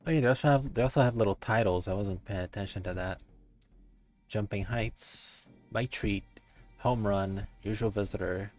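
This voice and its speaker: A man's voice: lowish voice, moderate pace, darkish tone, soft background music. A man streaming a game, giving casual, joking commentary and swearing loosely as he reads through the game's text.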